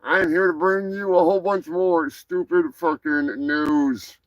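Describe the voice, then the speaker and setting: Brash, profane male comedy news host; high voice, mock-grand delivery. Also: steady tone, a little slow, low-quality recording. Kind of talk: crude comedic news rant.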